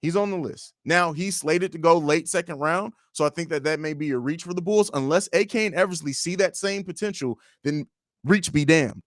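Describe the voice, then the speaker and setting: A young man hosting a casual livestream, reading viewer comments aloud and answering them in a blunt, profane, animated way. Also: on the high side, normal speed, no echo, clean studio sound. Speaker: livestream host.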